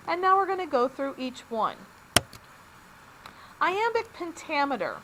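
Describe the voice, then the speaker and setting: A woman's voice: sits high, a bit bright, a little hiss or hum, low-quality recording. A woman teacher giving a recorded lesson, upbeat and explaining each step plainly.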